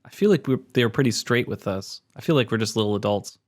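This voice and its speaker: A man's voice: lowish voice, animated, fast talker. A man co-hosting a fan podcast, talking in a rambling, easygoing way. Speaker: podcast co-host. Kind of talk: casual chat.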